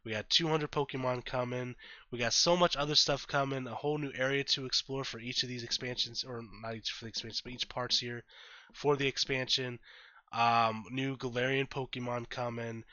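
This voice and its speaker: A man with a bright, forceful voice rambles through casual game commentary, full of ums and restarts. The sound is dry and close, a bit dull and lo-fi. He turns blunt and salty when something bugs him. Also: medium pitch, steady tone, a little fast, dry recording. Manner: rambling, filler-heavy, thinks aloud; blunt and profane when annoyed. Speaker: gaming YouTuber.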